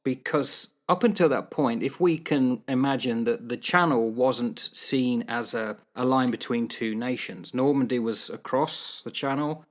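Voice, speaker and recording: A man's voice: medium pitch, unhurried, hardly any pauses. Chatty older man. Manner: chatty, jokey, laughs often. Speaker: podcast co-host. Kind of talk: casual history chat.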